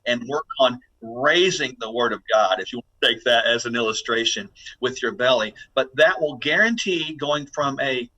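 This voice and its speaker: A man's voice: medium pitch, moderate pace, sharp tone, low-quality recording. A man speaking as a guest health expert on a podcast interview, talking in an emphatic, instructive way as he coaches listeners.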